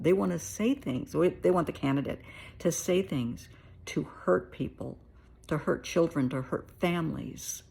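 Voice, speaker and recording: A woman's voice: low-pitched, vocal fry, a little mellow, breathy edge. A middle-aged American woman therapist giving her blunt, plain-spoken opinions in a casual monologue. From United States.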